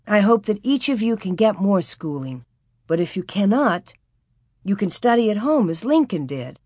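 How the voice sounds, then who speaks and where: A woman voicing an earnest, kind young schoolteacher giving gentle encouragement to her pupils. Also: medium pitch, very animated, moderate pace, husky, no room sound, studio quality. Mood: encouraging.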